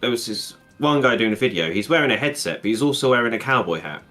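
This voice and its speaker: Male stream co-host, animated pitch, rambling casual chat, light music behind. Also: fast. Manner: rambling, laughs while talking. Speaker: co-host guest on a game stream.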